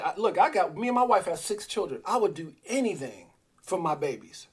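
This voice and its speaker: A man's voice: sits high, lively intonation, fairly quick, breathy edge. A middle-aged man hosting a livestream, giving heated casual commentary. He is fiery and repeats himself, stammering when worked up. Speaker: livestream host.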